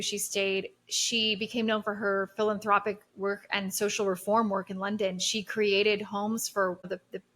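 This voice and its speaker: A woman's voice: medium pitch, a bit bright. A woman hosting a podcast, retelling a history story in casual chat with many fillers and restarts. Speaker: podcast host.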